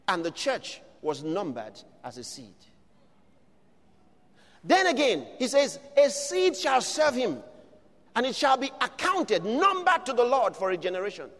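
A man preaching a sermon, building from steady teaching to shouted declarations. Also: extremely high pitch, long reverb tail.

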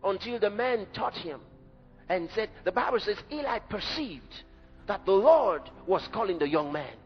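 A man preaching a sermon in an emphatic, dramatic way, rising at times to a shout. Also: high-pitched, expressive, normal speed. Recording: dull lo-fi recording in a reverberant hall with faint music.

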